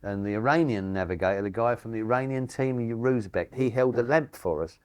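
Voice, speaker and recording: A man's voice: mid-range voice, fairly quick, darkish tone, smooth, dry recording. A man recounting a rally breakdown in a plain, matter-of-fact way. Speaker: rally participant. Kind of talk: interview conversation.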